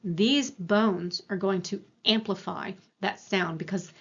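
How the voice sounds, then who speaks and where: A woman's voice: mid-range voice, takes it slowly, gravelly, fairly bright tone, husky. Woman lecturing, slightly muffled recording. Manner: explanatory, with frequent fillers and self-corrections. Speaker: university lecturer.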